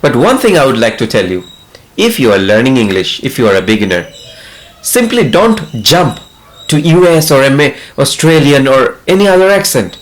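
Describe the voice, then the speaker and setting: A man's voice: mid-range voice, sing-song, moderate pace. A man from India talking earnestly as an English tutor, giving step-by-step advice straight to the listener. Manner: earnest, advising the listener directly. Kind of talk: instructional talk to camera.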